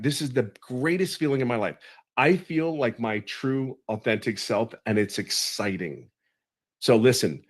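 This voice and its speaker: Fifties man, emotional webinar testimonial, urgent and sincere, repeats key phrases. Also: mid-range voice. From California. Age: 50s. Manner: earnest, pleading, repeats phrases for emphasis.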